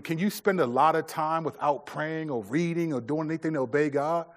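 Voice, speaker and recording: A middle-aged man preaching a sermon in a loose, conversational way, with many restarts and fillers. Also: on the high side. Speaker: pastor.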